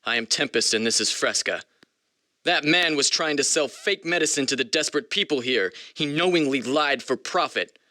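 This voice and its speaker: A stern plains-tribe warrior. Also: male voice, mid-range voice, expressive, normal speed, bright, forceful tone, no room sound, clean studio sound. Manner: stern, accusing. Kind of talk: voice-over recording session.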